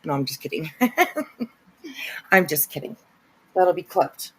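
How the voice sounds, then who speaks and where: A woman's voice: sits low, slow pace, a little mellow, husky, poor audio. A woman hosting a casual livestream, greeting chatters by name with giggly asides. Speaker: livestream host. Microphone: no camera, voice only.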